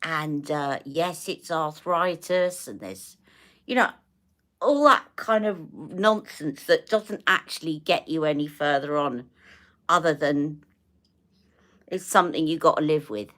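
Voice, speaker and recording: A middle-aged British woman who hosts a beauty live stream tells a long story casually, sounding exasperated and acting out the dialogue. Her voice is low and a bit bright, and she speaks a little slowly.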